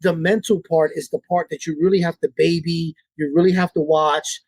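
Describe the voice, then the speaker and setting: High-voiced, husky, blunt dog trainer. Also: male voice, flat delivery, fairly quick, a little mellow, no echo. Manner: blunt, profane, repeats his points. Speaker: dog trainer, interview guest. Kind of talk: casual interview talk.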